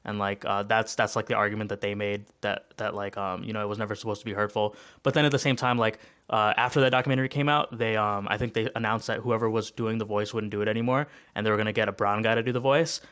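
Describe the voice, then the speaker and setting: A man in casual podcast chat, talking quickly with lots of fillers and strong feeling. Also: lowish voice, fairly even intonation, fairly bright tone, clear, resonant tone. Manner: rapid, heavy use of fillers, passionate. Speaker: podcast co-host.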